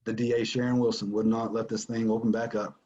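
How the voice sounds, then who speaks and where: A man's voice: fairly low pitch, flat delivery, fast, dark tone. Earnest man, dull lo-fi audio. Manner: earnest, emphatic, repeats for stress. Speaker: father telling his family story. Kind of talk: personal testimony.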